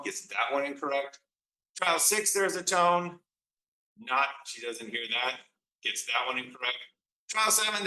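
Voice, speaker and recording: Man, psychology lecturer, explanatory, bright tone, roomy echo. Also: medium pitch, recorded from a distance. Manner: explanatory, acts out examples with quoted replies. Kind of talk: recorded lecture.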